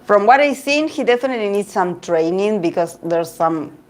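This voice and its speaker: A woman host chatting casually about idol news, gossipy and quick to laugh, often restarting her sentences. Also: mid-range voice, expressive, darkish tone. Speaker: tarot reader and channel host. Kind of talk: casual chat reading live comments.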